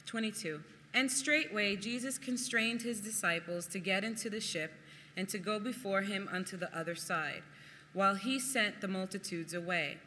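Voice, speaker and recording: Animated preacher with a sharp, bright voice. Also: mid-range voice, normal speed, in a large hall, a little hiss or hum. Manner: animated, laughs often, acts out quotes. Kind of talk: sermon with Bible reading.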